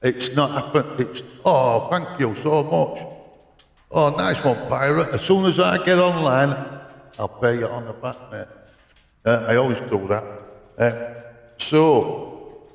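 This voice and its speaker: A man's voice: medium pitch, expressive, slow pace, gravelly, long pauses, roomy sound, in a large hall. An older man, chatting casually on a live gaming stream, rambling into stories and answering his chat. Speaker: livestreamer. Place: home racing-sim rig room.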